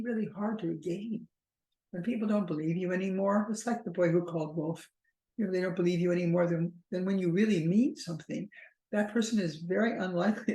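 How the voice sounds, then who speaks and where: A woman therapist talking to the camera in a slow, careful way, often pausing and restarting her sentences. Her voice carries the ring of a bare, echoey room. She sounds reflective and explanatory. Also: on the low side, warm tone. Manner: measured and thoughtful, slow stretches with frequent restarts and fillers. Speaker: relationship therapist.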